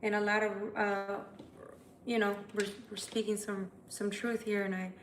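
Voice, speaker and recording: A woman's voice: mid-range voice, flat delivery, normal speed, slight background noise. A tired woman who reads tarot, chatting candidly and emotionally with viewers on a livestream, swearing casually. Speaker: tarot reader.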